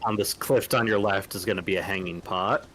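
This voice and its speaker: A man's voice: low-pitched, fairly quick, a bit bright, a little hiss or hum. A man co-hosting a gaming stream in casual chat, explaining lore and telling the player where to go. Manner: explains game lore and gives directions. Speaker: co-host guiding the player.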